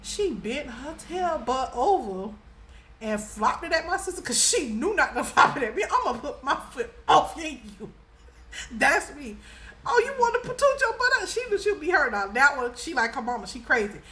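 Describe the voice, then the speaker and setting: Animated, laughing young woman telling a story. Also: moderate pace, a little hiss or hum. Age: young adult. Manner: animated and laughing, with dramatic pitch jumps. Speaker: storyteller, vlogger. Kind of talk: casual storytime vlog.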